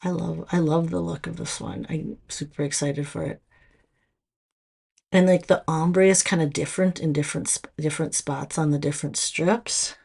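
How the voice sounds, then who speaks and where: A woman's voice: sits low, steady tone, normal speed, gravelly, a little mellow, husky. A woman with a Minnesota accent showing off nail products in a casual, chatty way, full of fillers and restarts.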